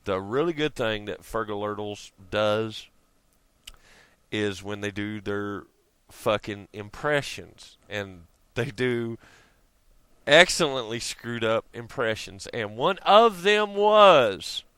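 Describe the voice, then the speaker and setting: A man rambling through a profane vlog rant and chuckling at his own jokes. His voice is bright and sharp, with a smooth, clear tone. The sound is close and dry, with no room echo. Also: on the low side, slow. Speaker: vlogger.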